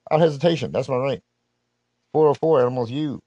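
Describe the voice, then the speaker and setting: A man's voice: medium pitch, moderate pace, warm tone, no room sound, dull audio. A man delivering an unscripted live rant, profane, threatening and rambling. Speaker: solo podcaster.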